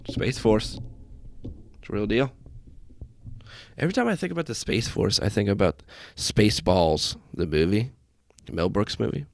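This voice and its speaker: Low, gravelly-voiced man rambling casually. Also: lively intonation, measured pace, dry recording. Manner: rambling, tangent-prone, self-deprecating. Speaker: podcast host, airman. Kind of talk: casual solo podcast talk. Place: small room with festive lights. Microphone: desk setup in front of laptop.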